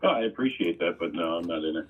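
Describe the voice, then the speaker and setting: Husky fast-talking man on speakerphone. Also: deep voice, lively intonation, phone-quality sound. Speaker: caller, fellow trader. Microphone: phone call on speaker.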